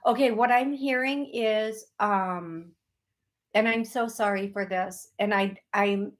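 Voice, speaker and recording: A woman's voice: mid-range voice, slow. A woman hosting a live call-in show as a psychic medium, talking in a chatty, emotional and rambling way.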